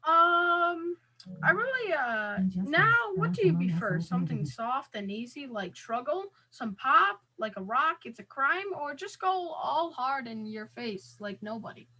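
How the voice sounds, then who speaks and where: A woman's voice: high voice, big pitch swings, unhurried, pushed and bright. A woman interviewing a musician in a casual, playful, teasing way.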